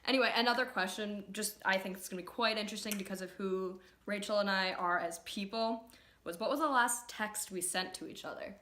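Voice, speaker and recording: A woman's voice: mid-range voice, a little fast, bright, forceful tone, roomy sound. A young woman chatting casually with her sister while doing makeup, teasing and laughing as she tells stories. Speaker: co-host. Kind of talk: casual chat. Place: home room. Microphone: phone camera close up.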